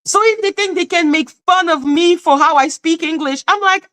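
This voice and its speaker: A woman's voice: extremely high pitch, normal speed, hardly any pauses, fairly bright tone. A woman with a French accent, a native French speaker, ranting and mocking with profanity as a livestream host.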